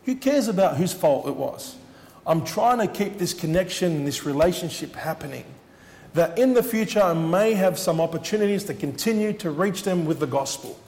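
A man's voice: high voice, animated, moderate pace, a little mellow, big-room sound. A man preaching a sermon as he shares his testimony, earnest and repeating his words for emphasis.

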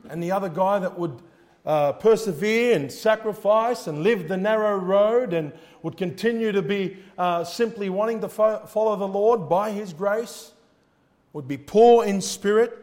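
Male preacher, high-pitched, fervent sermon delivery, hushed-to-loud swings. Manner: reads scripture in old-fashioned wording.

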